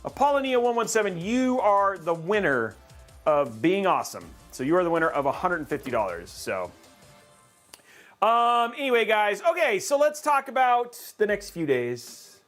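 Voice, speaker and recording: High-voiced man hosting a jokey stream. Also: sing-song, moderate pace, a bit bright, soft background music. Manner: jokey and upbeat, rambling with fillers. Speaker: livestream host. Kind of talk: casual livestream chat.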